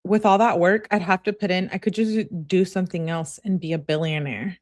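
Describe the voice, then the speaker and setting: A woman's voice: lowish voice, steady tone, a little fast, darkish tone. A woman host reading text messages aloud and commenting on them in a sassy, casual way, often laughing and talking back. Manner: sassy, laughs and talks back to what she reads.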